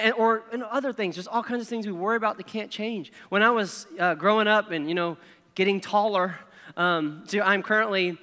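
A middle-aged man, preaching a sermon with animated, self-deprecating storytelling and acted-out inner voices. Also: high voice. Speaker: pastor. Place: large church hall. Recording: reverberant hall.

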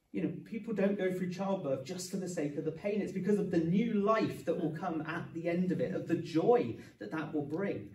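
A man preaching, earnest and explaining each point, with a dash of dry humour. His voice is mellow and sits somewhat high, caught from a distance. The sound rings around an echoey church hall. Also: animated, normal speed, few pauses. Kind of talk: sermon.

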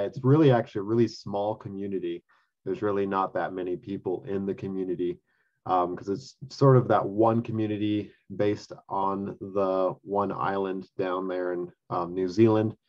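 A man co-hosting a casual discussion, talking with many ums and pauses. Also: lowish voice, darkish tone, muffled recording. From US Pacific Northwest. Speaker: co-host.

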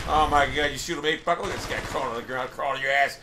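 A man playing a shooter game, raging, cursing and shouting at the game as he plays. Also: medium pitch, rapid-fire, echoey room, background noise. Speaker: gamer. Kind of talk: angry gameplay commentary.

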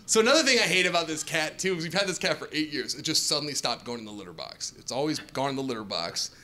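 Animated forty-something stand-up comic. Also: male voice, a little high, fast talker. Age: 40s. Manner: animated storytelling, acting out dialogue. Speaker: stand-up comedian. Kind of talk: stand-up comedy set. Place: comedy club stage with live audience. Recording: live club audio with crowd laughing. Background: audience laughter.

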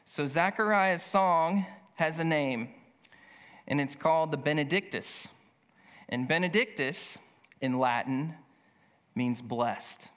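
A male pastor preaching a sermon, reading scripture slowly and speaking in an earnest, emphatic way. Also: on the high side, fairly bright tone, clear, resonant tone. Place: church sanctuary. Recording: long church hall reverb.

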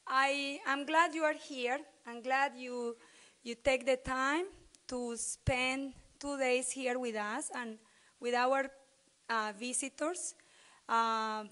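High-voiced woman with slow, halting delivery. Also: pushed and bright. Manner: hesitant, many fillers and restarts. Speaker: university extension professor welcoming attendees. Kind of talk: opening welcome speech at a short course.

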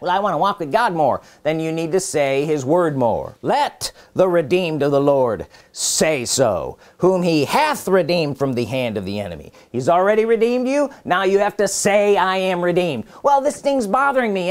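A man preaching a sermon, stressing and repeating key phrases, asking the listeners questions, and reading scripture in older formal wording. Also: sits high.

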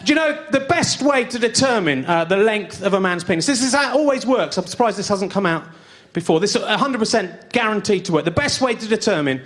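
High-voiced, ranting comedian. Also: male voice, lively intonation, brisk. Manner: exasperated ranting with shouted bursts. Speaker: stand-up comedian. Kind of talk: stand-up comedy routine. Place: comedy stage before a live audience. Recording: roomy venue with audience noise.

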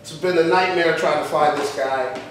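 High-voiced guy telling a crude story to a class, lots of swearing, very echoey, mic far off. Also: moderate pace, a little hiss or hum. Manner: profane, animated, acts out friends' voices. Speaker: acting teacher.

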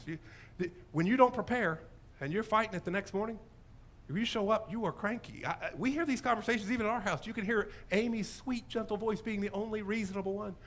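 A male pastor preaching a sermon in a church, telling a story with lively acted-out quotes. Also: sits high. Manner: animated storytelling, acting out quoted voices. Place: church sanctuary.

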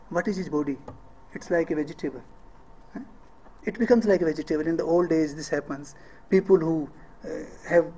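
A man's voice: fairly high pitch, a little mellow, slightly rough, poor audio. A middle-aged man with an Indian English accent giving a public lecture, often asking the audience questions and checking in with "eh?". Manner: rhetorical questions, asks audience "eh?".

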